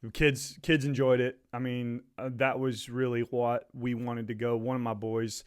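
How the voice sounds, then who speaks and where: A man co-hosting a podcast, chatting in an easygoing, halting way about a family outing. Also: mid-range voice, flat delivery, smooth, dry recording, clean studio sound. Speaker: podcast co-host. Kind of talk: casual chat.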